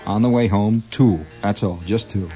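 A man's voice: on the low side, normal speed, mellow, dull audio, faint music behind. A middle-aged man performing a comedy monologue as one side of a conversation, talkative and argumentative, stammering and restarting, with chuckles at his own lines.

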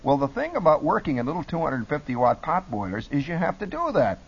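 A middle-aged man telling animated stories about his radio days as a talk show guest. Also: fairly high pitch, brisk, gravelly, slightly rough. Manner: lively, jumps between put-on radio voices. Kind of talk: animated storytelling. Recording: dull lo-fi broadcast audio.

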